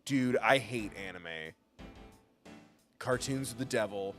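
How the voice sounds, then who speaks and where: A man streaming a game live, expressive and swearing, with frequent laughs and loud outbursts. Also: lowish voice, takes it slowly. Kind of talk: live gaming commentary. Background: faint game music.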